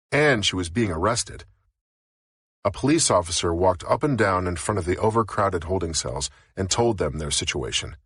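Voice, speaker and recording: A man narrating a novel as an audiobook in a steady, even reading. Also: sits low, breathy edge, no echo, clean studio sound.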